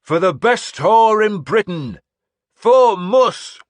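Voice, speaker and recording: A man's voice: high-pitched, slow pace, pushed and bright, no echo, voice pushed up, exaggerated voice. A male narrator voicing a battle-hardened warlord who bellows war cries at his men. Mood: bellowing.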